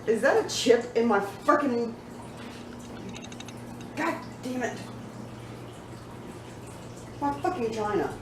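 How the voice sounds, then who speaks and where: A woman's voice: fairly high pitch, lively intonation, takes it slowly, pauses often, background noise. A woman chatting casually in a home kitchen cooking vlog, giggling and talking to her pets as she bakes. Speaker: cooking vlogger. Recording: echoey room, somewhat far from mic.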